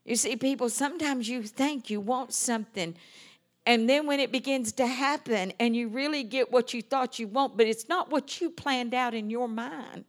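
An older woman delivers a revival sermon with fervor. She drops to a near hush, then lifts into ringing, exclamatory praise, sprinkling amens through her storytelling. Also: a little high, moderate pace. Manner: impassioned, swinging from hushed to exclaiming. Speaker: preacher.

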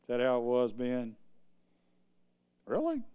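A male preacher giving an exuberant sermon, breaking into sudden shouts and asking the congregation to answer him. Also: mid-range voice, wildly swooping pitch, unhurried, clean tone, highs cut off.

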